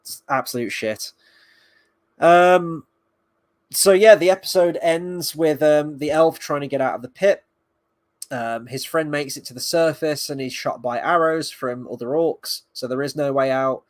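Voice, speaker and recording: A man's voice: on the high side, a little slow, no room sound, clean studio sound. A man giving a casual spoken review of a TV episode, rambling and sarcastic, swearing now and then. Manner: rambling, sarcastic, swears, mocks scenes in quoted voices. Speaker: video reviewer.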